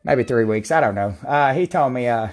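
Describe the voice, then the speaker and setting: A woman leading prayer and Bible talk at home on a livestream, excitable and rambling, repeating herself and bursting out loud. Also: very deep voice, moderate pace. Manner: repetitive, excitable, rambling, prone to outbursts. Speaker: self-styled preacher leading prayer and Bible study.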